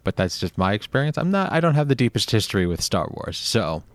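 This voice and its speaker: A man's voice: fairly low pitch, very animated, fast talker, no room sound. A man hosting a casual chat, laid-back and laughing often. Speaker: podcast host.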